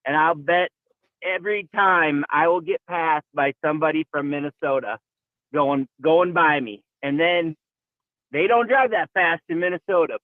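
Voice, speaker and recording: A chatty man calling in to a radio show, his slightly higher voice coming through a thin, tinny phone line. It sounds dry, with no room around it. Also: no echo. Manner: chatty, easygoing. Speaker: caller. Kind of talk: call-in story.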